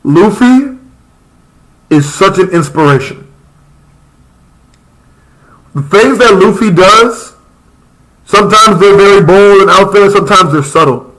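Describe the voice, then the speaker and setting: A young man talks through a live reaction stream with a high, bright voice. He rambles passionately in loose slang, often repeating himself as he gets carried away. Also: low-quality recording. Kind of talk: casual live reaction chat.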